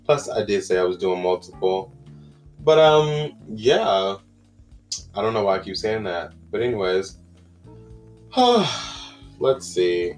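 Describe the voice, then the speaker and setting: Rambling, chatty man with a low voice. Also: slow pace, long pauses, soft background music. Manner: rambling, chatty, with many fillers and exclamations. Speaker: podcast host. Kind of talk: casual solo podcast chat.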